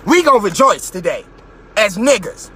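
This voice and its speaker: A man hosting a live stream, ranting in a profane, mocking way from his car and sometimes breaking into shouts. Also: sits high, very animated, normal speed, slight background noise. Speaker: podcast host.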